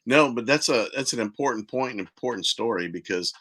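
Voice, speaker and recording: A man's voice: mid-range voice, expressive, fairly quick, a bit bright, breathy edge, no echo, rough recording. A man hosting a podcast, chatting casually and retelling eerie stories with emphasis. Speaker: podcast host. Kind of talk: casual chat.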